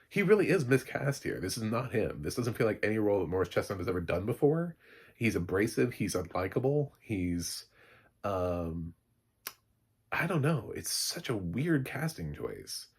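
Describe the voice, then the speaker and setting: A man's voice: fairly low pitch, big pitch swings, moderate pace, darkish tone, breathy edge. A man giving a casual, blunt spoken review of a TV show, exasperated and laughing in asides.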